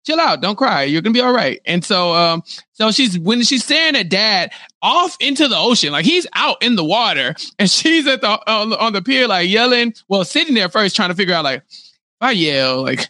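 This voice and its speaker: A man's voice: high-pitched, big pitch swings, normal speed, bright, forceful tone, dry recording, clean studio sound. A man co-hosting a casual chat, animatedly retelling a show and acting out quotes in playful voices. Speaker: podcast co-host.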